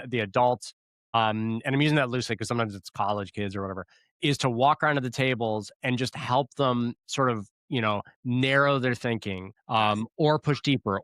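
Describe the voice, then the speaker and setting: A man's voice: mid-range voice, fairly bright tone, no echo. A man from Ohio, a guest on an education podcast, explaining his ideas thoughtfully in casual interview chat. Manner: thoughtful, restarts and fillers while explaining.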